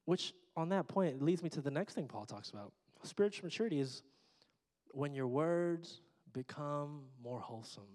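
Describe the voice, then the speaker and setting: A man's voice: on the high side, animated, normal speed, a little mellow. A middle-aged man preaching a sermon, conversational with joking asides to the congregation. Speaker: pastor. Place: church sanctuary. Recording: long hall reverb.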